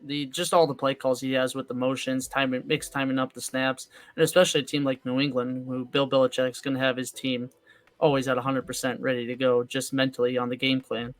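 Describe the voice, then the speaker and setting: A man's voice: medium pitch, little pitch movement, brisk, no room sound. A young man co-hosting a casual sports podcast, eagerly breaking down play calls. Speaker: podcast co-host.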